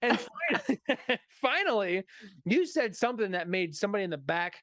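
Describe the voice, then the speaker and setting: A man's voice: high voice, sing-song, brisk, a bit bright, no echo, clean studio sound. Laughing man telling a story. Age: 30s. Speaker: co-host. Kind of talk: casual chat.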